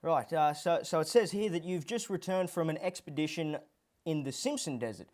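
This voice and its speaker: A man's voice: on the high side, moderate pace, a little mellow, close to an everyday voice. A man playing a flustered talk show host who stammers and turns defensive in a comedy sketch.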